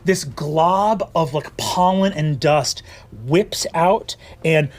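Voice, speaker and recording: A man's voice: a little high, slow. A man narrating a tabletop fantasy game as game master, with vivid, descriptive storytelling.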